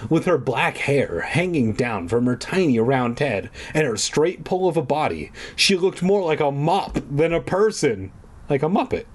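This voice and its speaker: A man gives a comedic reading of a children's book and keeps breaking off for crude, sweary asides. His husky voice jumps around a lot in pitch. He reads with an irreverent, offhand manner. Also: big pitch swings, a little slow. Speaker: comedic reader.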